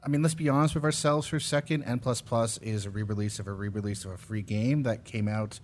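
A man's voice: lowish voice, fast talker, darkish tone. A man in a casual podcast chat, talking about a game he reviewed, easygoing and rambling with fillers. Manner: laid-back, rambling with fillers.

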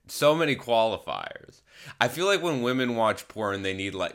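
A man's voice: on the low side, normal speed, sharp tone. A man hosting a podcast, telling a story casually and rambling, often correcting himself mid-sentence. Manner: rambling, self-correcting, candid. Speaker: podcast host. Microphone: phone camera.

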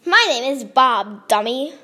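Woman reading sarcastic impatient boy bully, high voice, storybook reading. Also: expressive, a little slow, bright, forceful tone, full character voice.

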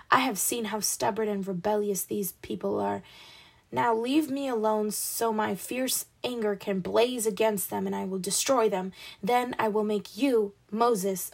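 A woman's voice: mid-range voice, unhurried, vocal fry, slightly rough. A woman reading a Bible passage aloud in a casual way, stumbling and apologizing for her slips. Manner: apologetic, stumbling over words, laughing at own mistakes. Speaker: Bible reader.

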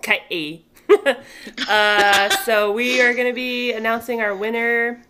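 A woman's voice: fairly high pitch, steady tone, takes it slowly, bright, forceful tone, a little hiss or hum. Laughing woman podcast co-host. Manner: laughing, joking, tipsy banter. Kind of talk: casual chat.

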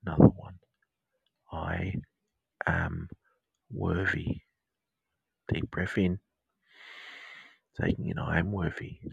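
An Australian man hosting a counselling podcast, leading a whispered guided meditation close to the mic, slow and soothing as he repeats mantras. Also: sits low, little pitch movement, vocal fry, darkish tone, husky, no room sound, poor audio.

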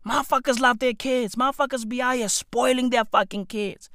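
A man's voice: very high voice, a little fast, no room sound, clean studio sound. A young man doing a profane, rambling comedic monologue as a podcast host, tagging his lines with "right?". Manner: animated, swings up into shouts.

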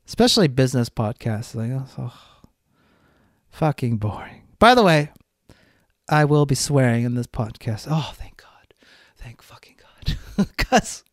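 A man's voice: a little high, dry recording, studio quality. A man hosting a solo podcast, talking bluntly and ranting with frequent swearing. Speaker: podcast host.

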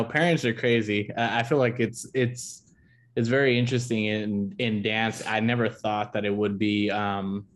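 A young adult man in casual chat, easygoing and rambling, often restarting his sentences. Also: lowish voice. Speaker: dance dad, podcast guest.

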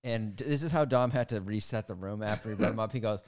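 Man telling an excited comedy story. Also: fairly low pitch, fast. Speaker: stand-up comedian. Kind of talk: casual podcast chat.

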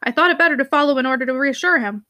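A woman reading the part of a proud, blustering gentleman who speaks in a stiff, defensive manner. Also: sits high, rapid-fire.

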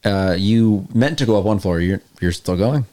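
A man's voice: lowish voice, moderate pace, noisy background. A man running a comedic tabletop game as game master, playful and swearing casually.

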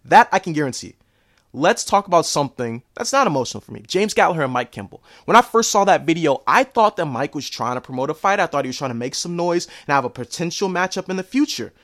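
Animated man with lively, emphatic delivery. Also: on the high side. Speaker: podcast co-host, combat sports commentator. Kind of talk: opinionated commentary.

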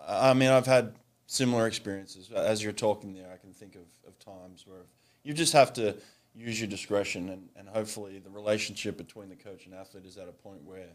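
A man interviewing a coach, speaking in a relaxed, reflective way with fillers. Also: fairly low pitch, fairly quick. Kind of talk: conversational interview.

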